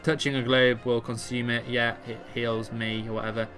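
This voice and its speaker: A man's voice: medium pitch, flat delivery, normal speed, fairly bright tone, faint music behind. A man casually reading out game ability text and commenting offhand, stumbling over words. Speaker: gamer explaining a raid boss.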